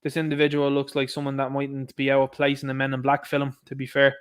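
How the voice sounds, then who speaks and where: A man's voice: mid-range voice, monotone, fast talker, clear, resonant tone. A man with an Irish accent hosting a livestream, ranting with sarcastic indignation and calling his listeners lads. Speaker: livestream host.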